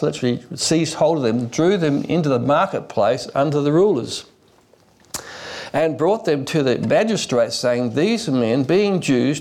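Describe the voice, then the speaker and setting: Male preacher, mid-pitched, digressive storyteller who often restarts and uses fillers. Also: gravelly, darkish tone. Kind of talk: expository sermon.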